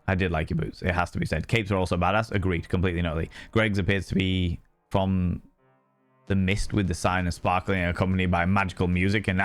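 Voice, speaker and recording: Man hosting a casual live stream, answering chat in a loose, sweary way, with a lowish voice and faint music behind. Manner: chatty, loose, swears casually, frequent fillers.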